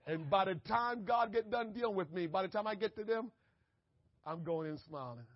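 A man preaching a conversational sermon, dropping to a hush and then rising to shouts, acting out little conversations and laughing at himself. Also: sits high, animated, moderate pace, no echo, dull audio. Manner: conversational preaching with big swings from hushed to shouting. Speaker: pastor.

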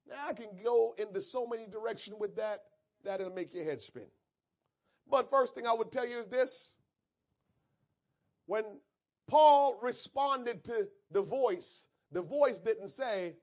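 A man preaching in a very high voice, drawing his words out slowly. He drops to quiet asides, then builds to shouted peaks, and the recording sounds dull and lo-fi. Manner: reads scripture in measured, deliberate cadence. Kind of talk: sermon.

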